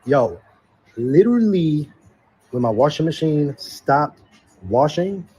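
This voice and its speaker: A man telling a relaxed personal story to viewers in a casual video clip. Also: on the high side, slow, a little hiss or hum, poor audio. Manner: relaxed storytelling, addresses "y'all". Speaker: guest in a played clip.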